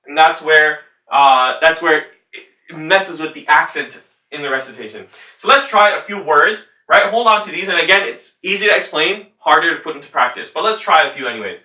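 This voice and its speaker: A man's voice: on the high side, pushed and bright. Man teaching recitation, roomy distant sound. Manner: patient, demonstrating sounds slowly and repeating them. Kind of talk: tajweed lesson with spoken demonstrations.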